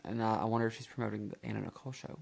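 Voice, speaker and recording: A man's voice: fairly low pitch, level tone, very fast, gravelly, breathy edge. A man hosting a reaction video, rambling casually with lots of fillers and self-corrections.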